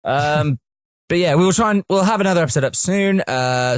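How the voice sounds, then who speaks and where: A man's voice: fairly high pitch, moderate pace, no room sound, clean studio sound. A man co-hosting a comedy podcast, chatting casually in a playful, teasing way. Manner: playful, teasing and deadpan in jokes. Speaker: podcast co-host. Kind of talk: casual chat, jokey sign-off.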